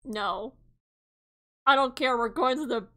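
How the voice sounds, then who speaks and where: A woman voicing a rude, bored teenage boy who speaks flatly and curtly. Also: on the high side, unhurried. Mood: dismissive.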